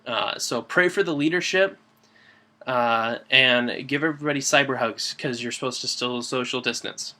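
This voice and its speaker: A man's voice: medium pitch, normal speed, bright, forceful tone. Earnest man giving a devotional. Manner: earnest, conversational with fillers and restarts. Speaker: church devotional leader. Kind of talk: informal devotional talk.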